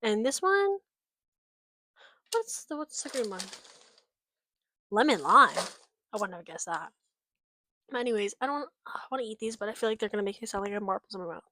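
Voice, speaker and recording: A woman's voice: fairly high pitch, expressive, a little fast, pauses often, sharp tone, slight background noise. A young woman from the United States chatting casually in a vlog, rambling and frank, swearing often with lots of fillers. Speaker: vlogger. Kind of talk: casual chat.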